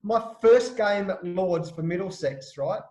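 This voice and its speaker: High-voiced Australian man, echoey muffled call. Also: a little slow. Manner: animated anecdotes with frequent restarts and laughs. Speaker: interview guest, former professional cricketer. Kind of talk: casual storytelling interview.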